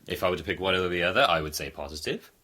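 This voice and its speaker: A man's voice: deep voice, very fast, sharp tone. A man hosting a casual podcast, laid-back and easily amused. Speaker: podcast host. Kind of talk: casual chat.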